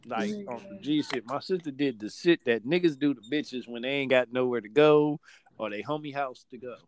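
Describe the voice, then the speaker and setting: A man's voice: medium pitch, normal speed. A man, hosting a podcast and casually telling a profane story full of acted-out voices. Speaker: podcast host.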